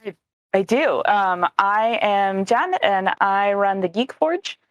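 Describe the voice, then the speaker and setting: A woman's voice: mid-range voice, animated, slow pace, no room sound. Hesitant woman, dry close sound. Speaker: shop owner and player. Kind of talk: casual chat.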